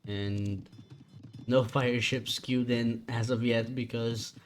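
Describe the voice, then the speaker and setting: A tired man doing chatty solo commentary on a strategy game match, relaxed and casual. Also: medium pitch, slow pace, slight background noise. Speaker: esports caster.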